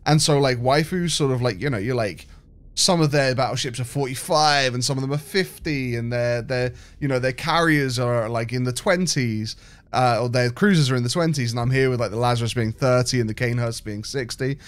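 A man's voice: medium pitch, brisk, no room sound. A British man giving casual let's-play commentary, thinking aloud and rambling with restarts. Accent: British English. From Britain. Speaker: game streamer.

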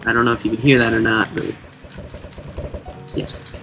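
A man's voice: mid-range voice, moderate pace, faint music behind. A young man chatting casually and laughing easily while playing a game with a friend. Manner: relaxed, easily amused, hesitant fillers. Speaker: gaming YouTuber co-host. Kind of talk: casual gameplay chat.

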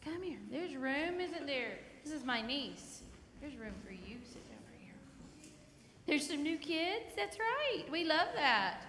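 A woman leading children's time in church, gently and animatedly telling the children a story. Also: high-pitched, very animated, unhurried. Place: church sanctuary. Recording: echoey church hall, faint noise.

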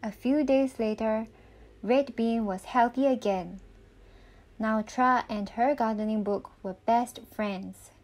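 A woman reading a picture book aloud to children, pausing to ask them questions. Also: a little high, a little mellow. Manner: slow, clear, asks children questions. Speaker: volunteer storybook reader.

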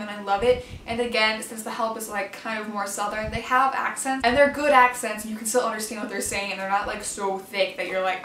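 An enthusiastic woman with a slightly raised pitch, talking casually about favorite books and leaning on "like" as a filler. She sits some distance from the mic in an echoey room, with a faint hiss of background noise behind her. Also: a bit bright. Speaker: book reviewer. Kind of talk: casual book review vlog.

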